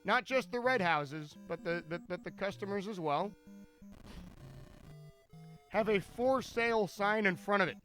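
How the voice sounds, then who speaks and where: A man commentating his own speedrun on a live stream, rambling from joke to joke and tripping over his words as he restarts phrases. His voice sits high for a man and sounds bright and sharp, with faint music underneath. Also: a little slow, long pauses. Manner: rambling, jokey, stammering restarts.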